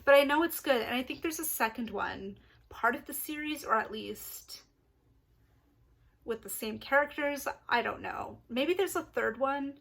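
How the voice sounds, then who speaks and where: A young woman chatting casually to camera about books she plans to read, excitable and quick to apologise. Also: a little high, creaky. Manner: chatty, excitable, apologetic asides, laughs often. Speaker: book vlogger. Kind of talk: casual book chat to camera.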